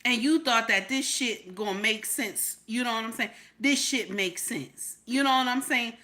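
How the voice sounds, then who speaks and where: A woman's voice: a little high, moderate pace, bright, forceful tone. A woman hosting a livestream, reacting to a story in heated commentary, repeating her questions and swearing freely.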